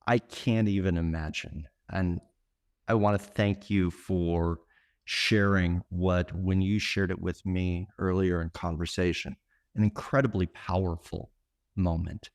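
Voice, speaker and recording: Male podcast host, low voice, slow and measured. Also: fairly even intonation. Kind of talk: interview.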